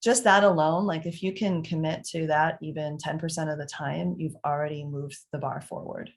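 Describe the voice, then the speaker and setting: A middle-aged woman parenting coach answering parents' questions, who acts out calming scenes as examples and talks with many fillers and restarts. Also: low-pitched, normal speed.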